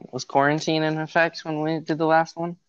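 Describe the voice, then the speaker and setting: A man's voice: fairly high pitch, a little mellow, clear, resonant tone, no room sound, dull audio. A man co-hosting a casual podcast who teases his drunk friend and laughs at crude jokes. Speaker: podcast co-host. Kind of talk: casual chat.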